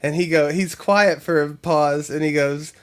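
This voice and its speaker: A man co-hosting a casual podcast, his voice pitched a little on the high side. He tells stories loosely and breaks into laughter as he goes. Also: fairly even intonation, moderate pace, smooth. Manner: laughs while telling stories. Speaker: podcast co-host. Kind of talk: casual chat.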